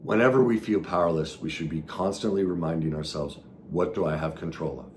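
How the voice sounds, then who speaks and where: A man hosting a podcast as a trauma recovery coach, talking earnestly in a coaching manner, with sudden emphatic bursts and quiet drops. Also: low voice, a little fast, a little hiss or hum. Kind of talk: solo podcast teaching talk.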